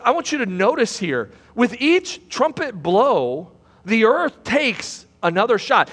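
A man preaching a sermon from a pulpit. He swings between loud, high exclamations and low, quiet passages, and he repeats phrases. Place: church sanctuary. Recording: long hall reverb.

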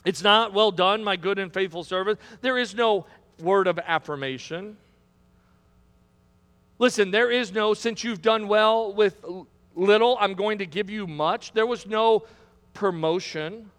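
A man's voice: sits high, unhurried, fairly bright tone, clear, resonant tone, long reverb tail. A middle-aged man preaching a sermon as pastor, building to emphatic, repetitive climaxes. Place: church sanctuary.

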